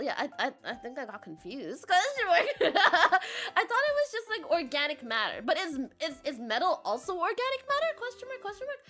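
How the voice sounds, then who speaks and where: Bright high-pitched giggly young woman streamer. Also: big pitch swings, a little fast. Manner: giggly, frequent loud laughter and playful squeals. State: sore throat. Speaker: VTuber streamer. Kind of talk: casual chat reading live chat.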